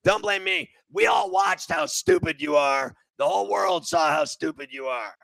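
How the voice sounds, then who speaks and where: A man hosting a radio talk show, ranting loudly and profanely with mocking outbursts. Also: fairly high pitch, moderate pace, vocal fry, dry recording.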